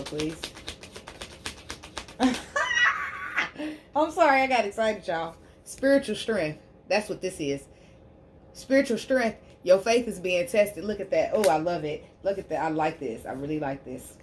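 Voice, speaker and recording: A woman giving a tarot reading on her channel, preaching fervently to her listeners and softly repeating prayerful invocations as she draws cards. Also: on the low side, expressive, moderate pace, loud music behind the voice. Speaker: spiritual healer and tarot reader.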